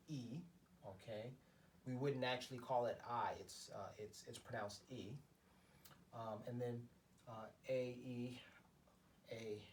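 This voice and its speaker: A man teaches a beginner class at a whiteboard, pausing often and filling gaps with hesitant sounds. He talks at an unhurried, drawn-out pace. The mic is set at a distance, so he sounds removed. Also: mid-range voice, slight background noise. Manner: slow, halting explanation with many fillers. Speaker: language teacher. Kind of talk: beginner lesson at a board. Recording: voice from far off the mic.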